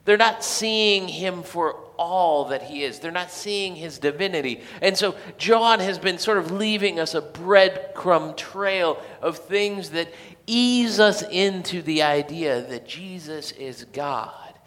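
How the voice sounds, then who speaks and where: A man giving a casual, conversational sermon, talking in a halting way with frequent restarts and fillers. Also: sits high, a bit bright, big-room sound. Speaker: preacher.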